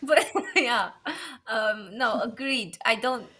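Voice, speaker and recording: A woman's voice: a little high, slow, pushed and bright, husky. A woman co-hosting a casual chat, joking and laughing often; English is not her first language. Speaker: podcast co-host.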